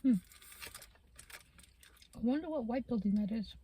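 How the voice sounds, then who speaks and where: A woman's voice: on the high side, lively intonation, a little slow, mellow, breathy edge. A woman vlogger chatting casually while eating in a parked car, humming between bites. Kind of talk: casual eating-show chat.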